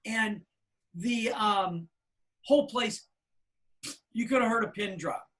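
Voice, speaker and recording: A middle-aged man telling a long anecdote on a podcast, acting out the people he quotes in loud, animated voices. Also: high-pitched, takes it slowly. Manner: animated storyteller, acts out quoted people loudly. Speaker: podcast co-host. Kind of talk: casual storytelling.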